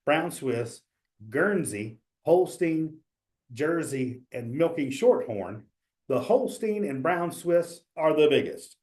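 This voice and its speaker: In a relaxed exam prep webinar, a man talks loosely and chattily, cracking small jokes and filling his speech with fillers and restarts. His voice sits in the mid range with a slightly mellow quality.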